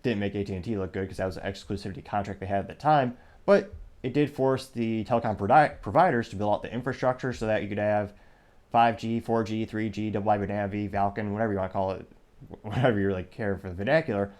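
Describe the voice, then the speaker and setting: A man's voice: lowish voice, fast talker, a little mellow. A man hosting his own podcast, talking through tech news in a loose, sarcastic monologue full of asides and restarts. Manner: sarcastic, self-interrupting, digressive. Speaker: podcast host. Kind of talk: casual commentary monologue.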